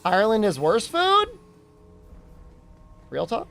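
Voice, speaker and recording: A man's voice: high voice, wildly swooping pitch, slow pace, creaky, fairly bright tone, soft background music. A young American man streaming and chatting casually, joking and reacting to questions from his chat.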